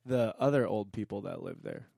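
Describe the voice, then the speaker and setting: A man's voice: on the low side, a little fast, creaky, warm tone, no echo, clean studio sound. Teasing man asking casual questions. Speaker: interviewer. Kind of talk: casual chat.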